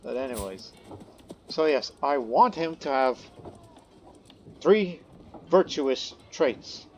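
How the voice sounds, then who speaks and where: A man's voice: medium pitch, animated, slow, a little mellow, slight background noise, poor audio. A man giving casual gameplay commentary, thinking aloud, muttering to himself and reading game text aloud. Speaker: let's play commentator.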